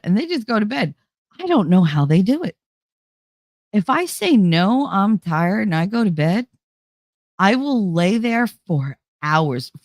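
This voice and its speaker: A woman's voice: fairly low pitch, dry recording. Candid, swearing woman streamer, dry close sound. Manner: candid and confiding, swears freely, laughs often. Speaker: livestream host. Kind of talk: casual livestream chat.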